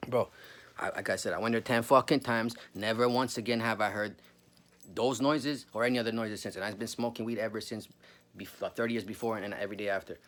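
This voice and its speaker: A man's voice: on the low side, fairly even intonation, fairly quick, a bit bright. A man in his forties telling a spooky personal story in a rambling, profane, casual way, calling the listener bro.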